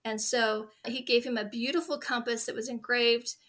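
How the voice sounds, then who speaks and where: Bright-voiced earnest woman. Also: a little high, steady tone, moderate pace. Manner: earnest and heartfelt, speaks fondly of family. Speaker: podcast guest. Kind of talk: conversational interview.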